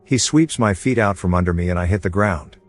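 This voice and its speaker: A man narrating an audiobook in the first person, steady and low-key, with a husky voice. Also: fairly quick, soft background music.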